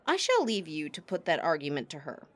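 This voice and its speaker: Lady doing a dry cool opera boss guy, clipped, kinda sardonic, lowish. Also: wildly swooping pitch, fairly quick, full character voice. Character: cool, guarded male opera impresario.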